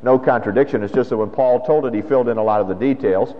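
A man's voice: mid-range voice, fast. Male pastor, conversational sermon delivery, lo-fi church recording with long reverb. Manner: conversational preaching with rhetorical questions. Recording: dull lo-fi sound with long hall reverb.

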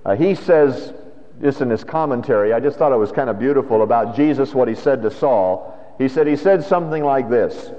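A man's voice: medium pitch, fairly quick, mellow. Male pastor, conversational sermon delivery, lo-fi church recording with long reverb. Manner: conversational preaching with rhetorical questions. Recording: dull lo-fi sound with long hall reverb.

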